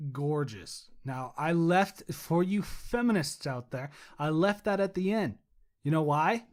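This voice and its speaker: Chatty joking man with a higher voice. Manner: rambling, joking, swearing, self-mocking. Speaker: podcast co-host. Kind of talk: casual podcast chat.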